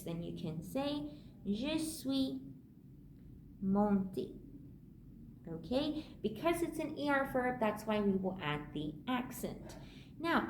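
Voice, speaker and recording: A woman teaching a French grammar lesson, patiently repeating key points and slowing down to sound out the French words. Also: fairly high pitch, darkish tone, roomy sound, slight background noise. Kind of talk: online language lesson.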